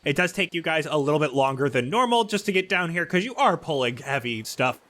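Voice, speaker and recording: A man's voice: fairly high pitch, fairly quick. Man narrating as dungeon master. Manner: descriptive, steady narration. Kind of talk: narrating a tabletop game.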